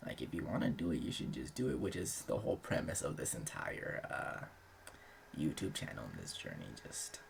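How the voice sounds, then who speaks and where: A man's voice: rumbling low, sing-song, moderate pace, vocal fry, slight background noise. A young man talking in a loose, rambling way as host of his own channel, full of filler words and casual swearing. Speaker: aspiring author and channel host. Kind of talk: casual chat.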